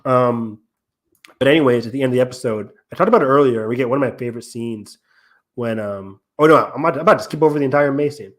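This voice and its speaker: A man's voice: medium pitch, fast talker. A man hosting a podcast in casual discussion, thinking aloud and rambling with lots of fillers. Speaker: podcast host.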